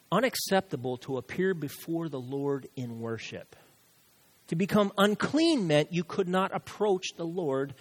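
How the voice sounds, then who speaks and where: A male pastor preaching a sermon, animated, with sudden rises and soft drops. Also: fairly high pitch.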